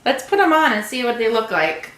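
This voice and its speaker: A woman's voice: fairly high pitch, sing-song, a little fast, a bit bright, echoey room. A woman vlogger unboxing a subscription box at home, gushing over each item and cooing to her cat. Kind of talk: casual unboxing chat.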